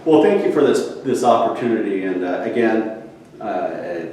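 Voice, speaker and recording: A man's voice: on the low side, animated, normal speed, darkish tone, recorded from a distance. Rambling, swearing man in an echoey room. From Seattle area. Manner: rambling, profane, laughs often. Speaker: show regular, storyteller. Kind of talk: casual storytelling chat. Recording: roomy echo, from off mic, faint noise.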